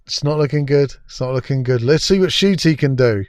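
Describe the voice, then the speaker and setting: A man's voice: mid-range voice, fairly quick. A man giving a scornful, crude, exasperated review of a TV episode. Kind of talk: ranting review commentary.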